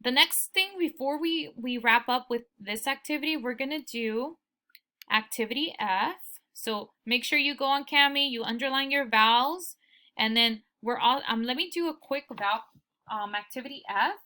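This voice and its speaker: A young woman teacher giving a recorded phonics lesson, slowly sounding out word parts for her students. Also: sits high, bright, forceful tone.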